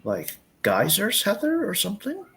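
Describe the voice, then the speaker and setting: A man's voice: sits high, huge pitch swings, moderate pace, fairly bright tone, slight background noise. A Canadian man hosting a riddle game on a stream, teasing and playful, with lots of fillers. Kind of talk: casual chat.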